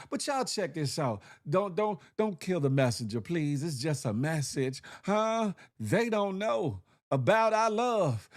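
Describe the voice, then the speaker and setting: A man with a fairly high voice hosting a casual livestream. He talks in slang, greets his viewers one by one and keeps repeating himself with a questioning "huh?". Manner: shouting out viewers by name, slangy; animated, repeats phrases, says "huh?" often. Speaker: livestream host.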